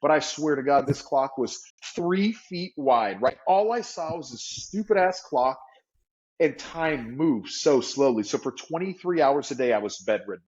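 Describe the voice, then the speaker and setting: A man telling a story as an interview guest, animated and vivid, acting out the people he quotes. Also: mid-range voice, unhurried. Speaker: guest entrepreneur. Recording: slightly dull lo-fi audio.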